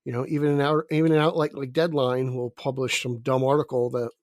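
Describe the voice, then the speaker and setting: A man's voice: medium pitch, little pitch movement, brisk, dry recording, studio quality. A young man talking casually as a podcast co-host, rambling with many fillers and stammered restarts. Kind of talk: casual chat.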